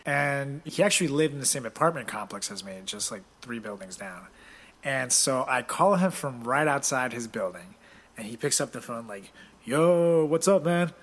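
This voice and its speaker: A man's voice: medium pitch, expressive, moderate pace, a bit bright. A young man casually telling crude stories, swearing freely. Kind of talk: casual chat.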